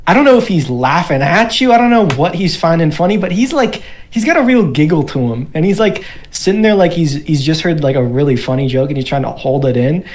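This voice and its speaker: A woman's voice: low voice, lively intonation, a little fast, few pauses, darkish tone. A woman narrating as game master on a stream, chatty and playful, with frequent "like".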